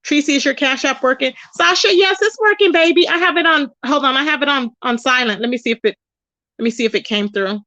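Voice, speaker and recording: A woman's voice: sits high, quick pace, pushed and bright, dry recording, highs cut off. A woman hosting a casual livestream, talking to viewers and reading their comments aloud. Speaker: livestream host.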